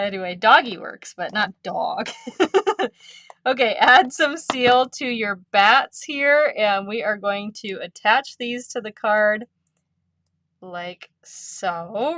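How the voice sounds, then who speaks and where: A woman hosts a live card-making class in a chatty, upbeat way that breaks easily into giggles. Her voice sits at an ordinary middle pitch. The sound is dry, with no room echo. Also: a bit bright. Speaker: craft instructor.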